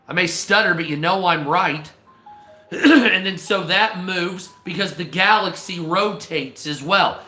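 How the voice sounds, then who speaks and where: A man ranting casually on a live stream, swearing often, stammering and clearing his throat. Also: high-pitched, slow pace, sharp tone, echoey room, faint music behind. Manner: profane, exasperated, restarts and stammers.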